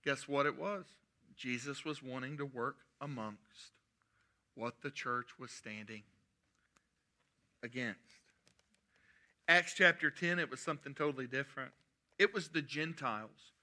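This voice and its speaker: A man preaching a sermon, animated and mixing in humorous asides. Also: medium pitch, unhurried, pauses often. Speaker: pastor.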